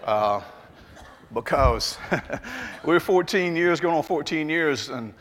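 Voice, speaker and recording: A man's voice: on the high side, expressive, slow pace, a bit bright, big-room sound. A man with a Southern Alabama accent preaching a sermon, talking to his congregation in a folksy, conversational way. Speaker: pastor.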